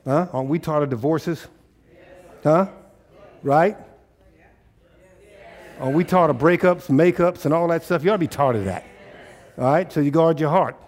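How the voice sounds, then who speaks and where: Fervent preaching man, fairly high voice. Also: normal speed, pauses often. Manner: call-and-response preaching, rising to loud exhortation. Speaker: pastor. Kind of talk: sermon.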